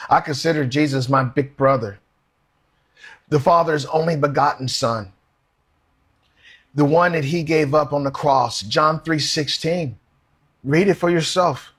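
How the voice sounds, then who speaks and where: A man's voice: on the high side, unhurried, long pauses, breathy edge. A man preaching a sermon, earnestly reading scripture aloud and asking rhetorical questions.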